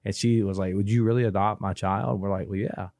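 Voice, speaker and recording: Guy in his 30s rambling thru a story, lowish voice, dry close mic. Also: fairly quick, no room sound. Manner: rambling, restarts, animated when quoting. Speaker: podcast co-host. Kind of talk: casual storytelling chat.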